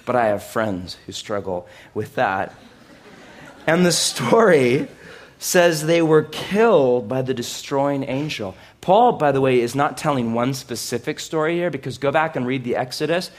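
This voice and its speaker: A man preaching a sermon in an animated way, with loud exclamations, hushed asides and sarcastic, self-mocking humor. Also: medium pitch, a little slow. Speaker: pastor.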